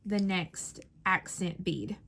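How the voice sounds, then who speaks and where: A woman's voice: fairly low pitch, slow, vocal fry, fairly bright tone. A woman giving a patient, methodical step-by-step beading tutorial, counting beads aloud as she works. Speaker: beading instructor.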